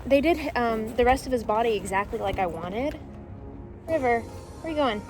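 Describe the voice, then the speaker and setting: A young woman vlogging casually about her day, rambling and candid, then gushing in high baby talk to her dog. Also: expressive, normal speed, over music. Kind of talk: casual vlog chat.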